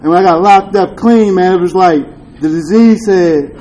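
Sharing at a recovery meeting, a man with a notably high, mellow voice gives a candid, earnest, confessional testimony at normal speed, with rueful laughs. He uses loose street slang, swears freely, and keeps asking "you dig?" The recording is rough.

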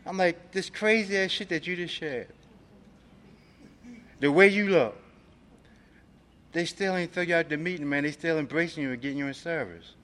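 A man's voice: on the high side, normal speed, pauses often, a bit bright, big-room sound. A man from Maryland giving a personal recovery testimony, streetwise and profane, filling his talk with "man". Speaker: recovery speaker.

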